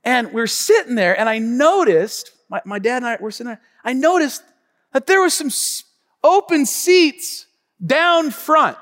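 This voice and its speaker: A man preaching a sermon as a pastor, telling a story with animated energy and calling out to his congregation. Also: extremely high pitch, a little slow. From Tacoma, Washington. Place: church sanctuary. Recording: long reverb of a church hall.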